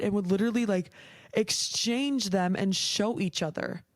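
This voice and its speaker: A young woman talks candidly on her podcast, fired up and blunt, her speech full of curses and "like". Her voice sits at an ordinary middle pitch. The recording is close and dry, with no room sound. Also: brisk, a little mellow, no room sound. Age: young adult. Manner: frank, heated, swears often, peppered with "like". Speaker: podcast host. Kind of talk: casual chat.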